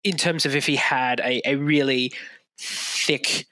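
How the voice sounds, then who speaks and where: A man's voice: medium pitch, steady tone, normal speed, pushed and bright, no echo. Hedging Australian man, dry close sound. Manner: hedging, repeats words as he thinks. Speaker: podcast co-host. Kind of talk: casual discussion.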